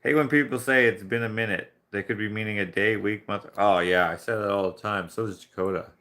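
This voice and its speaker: A man's voice: on the low side, fairly even intonation, fairly quick, bright, forceful tone. A man from Canada chatting casually during a live painting stream, rambling through anecdotes and chuckling along. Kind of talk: casual chat while painting.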